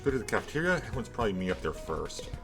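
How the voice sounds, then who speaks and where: Casting note: quick lowish male reader, animated, music underneath. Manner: brisk, wry reading with joking asides. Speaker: game playthrough reader. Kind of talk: reading game dialogue aloud. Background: game music.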